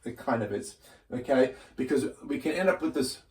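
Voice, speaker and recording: This is a mid-range, expressive male voice at normal speed, teaching drums casually. His manner is easygoing and self-deprecating, with lots of restarted sentences, all over loud drums and music from a kit being played.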